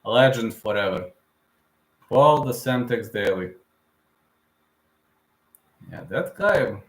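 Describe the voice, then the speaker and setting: A man's voice: mid-range voice, expressive, slow, fairly bright tone. Guy in his 30s on a live fight stream, gets emotional, keeps repeating himself, bit of room echo. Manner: emotional, repetitive fan talk.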